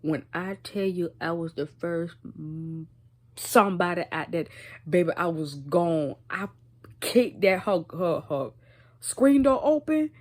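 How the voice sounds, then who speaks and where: Lowish-voiced young woman telling a story. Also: slow. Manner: chatty, animated, laughs through the story. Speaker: vlogger. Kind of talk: casual storytime.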